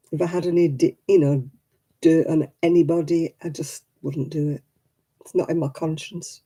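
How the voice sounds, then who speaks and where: Brief: woman, live-stream craft host, deep mellow tone, rambling chat with easy laughs. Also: slightly rough. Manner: chatty, rambling, laughs often.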